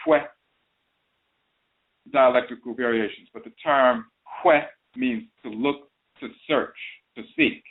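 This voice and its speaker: A man delivers an explanatory lecture as the host of a talk radio show, speaking at an ordinary middle pitch. He slows down to repeat and spell out terms. The sound is thin and narrow, as if carried over a phone line. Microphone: phone call into a talk radio show.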